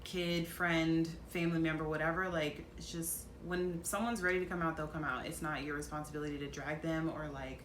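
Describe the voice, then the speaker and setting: A woman's voice: sits low, steady tone, a little fast, hardly any pauses, a bit bright, a little hiss or hum. A woman co-hosting a casual vlog, speaking earnestly and hesitantly with restarts. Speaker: vlogger, co-host. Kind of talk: casual chat. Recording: echoey room.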